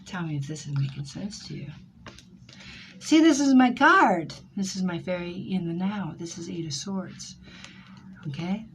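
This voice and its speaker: A woman with a fairly low voice gives a live tarot reading, talking through the cards in an emotional, rambling way. Steady background noise sits under her voice throughout. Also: normal speed, gravelly, rough recording. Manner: emotional, rambling, addresses viewers by name. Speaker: tarot reader.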